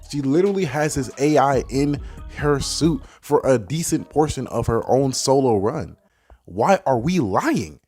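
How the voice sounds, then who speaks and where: A man's voice: fairly high pitch, lively intonation, a little mellow, faint music behind. Young man ranting heatedly. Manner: heated, dismissive, fast-talking, heavy on filler "like" and swearing. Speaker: video commentator. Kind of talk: casual ranting commentary.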